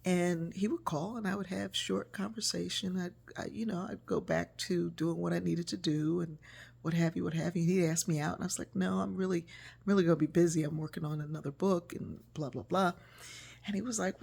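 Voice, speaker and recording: A woman author telling a personal story in a casual, animated way, acting out the voices she quotes. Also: on the low side, fairly quick, vocal fry, breathy edge.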